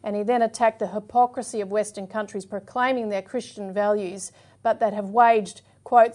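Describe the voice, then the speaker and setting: A woman's voice: mid-range voice, moderate pace. A woman co-hosting a political commentary show, explaining steadily and reading out quotes. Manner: steady, explanatory, frequent "yeah" and "um". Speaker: co-host.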